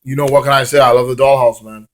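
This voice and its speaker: A man's voice: mid-range voice, steady tone, fast. A man casually reviewing a wrestling show in a rambling, swear-laced manner, drifting into hummed song bits.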